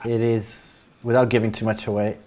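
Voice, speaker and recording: A man's voice: on the low side, flat delivery, moderate pace, mellow, a little hiss or hum. Man running a tabletop game. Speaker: game master.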